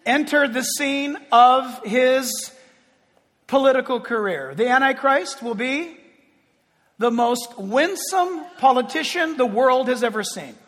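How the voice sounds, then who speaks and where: A male preacher with a high, husky voice delivers an emphatic sermon. He swings between loud declarations and hushed near-whispers. A long reverb rings around him as if in a large hall. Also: lively intonation, slow pace.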